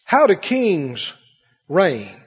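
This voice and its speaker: A man preaching a sermon in a large church. He works the crowd with call-and-response, swinging from loud, high cries down to low murmurs. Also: huge pitch swings, extremely slow, slightly rough. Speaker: pastor. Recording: muffled recording with long hall reverb.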